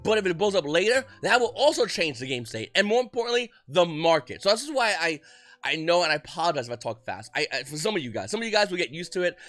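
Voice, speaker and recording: A man giving excited, rapid market commentary as host of his channel, often restarting his sentences. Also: sits high. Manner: talks fast when excited, frequent restarts. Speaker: trading card market commentator.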